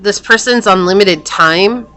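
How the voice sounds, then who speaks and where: A woman's voice: mid-range voice, a little slow, pushed and bright. Chatty woman giving a tarot reading. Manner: chatty, frequent fillers and restarts. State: hiccups. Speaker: tarot reader. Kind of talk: casual spoken tarot reading.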